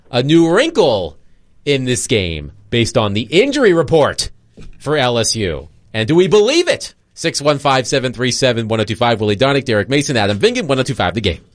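Lively male sports radio host. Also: mid-range voice. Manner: upbeat, reads listener texts and the call-in number.

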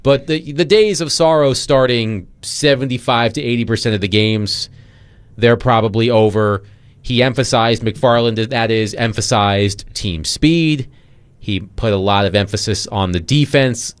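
A man hosting a sports radio show, giving his analysis in a measured, hedging way. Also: mid-range voice, smooth.

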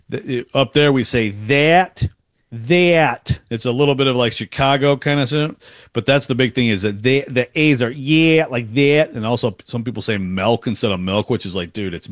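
A man's voice: medium pitch, moderate pace, fairly bright tone, no room sound. A man from Western Michigan co-hosting a sports radio show, talking in a rambling, casual way with many restarts. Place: radio studio.

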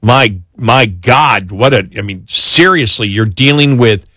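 A man hosting a political talk show, talking in an exasperated, animated way with many restarts. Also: mid-range voice, unhurried, no room sound, clean studio sound. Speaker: talk radio host.

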